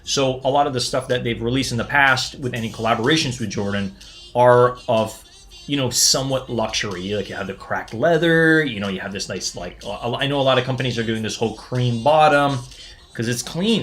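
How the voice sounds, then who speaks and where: A man hosting a live sneaker unboxing stream, talking in a casual, excitable way and often stumbling and restarting his sentences. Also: mid-range voice, a little fast, slight background noise. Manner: excitable, chatty, frequent restarts and stammers. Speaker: sneaker livestream host.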